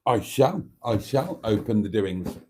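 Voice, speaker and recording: Theatrical man, lively mellow voice. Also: lowish voice, a little slow, slight background noise. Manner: theatrical, calls viewers darlings, mock-grand phrasing. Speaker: live-stream host. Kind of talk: casual live-stream chat reading viewer comments.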